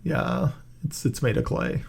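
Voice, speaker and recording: A man running a tabletop game as dungeon master, narrating slowly with many pauses and fillers. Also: medium pitch, wildly swooping pitch, creaky, darkish tone, breathy edge.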